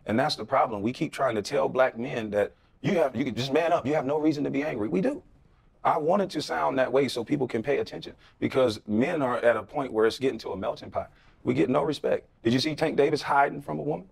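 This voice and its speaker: A man's voice: medium pitch, gravelly, darkish tone. A middle-aged man, a former pro athlete, speaking bluntly and combatively as an interview guest, firing off rhetorical questions. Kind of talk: impassioned podcast interview.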